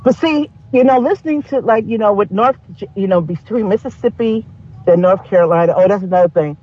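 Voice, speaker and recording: A man co-hosting a podcast in casual chat, animated and profane, laughing often. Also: high voice, a little fast, muffled recording. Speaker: podcast co-host.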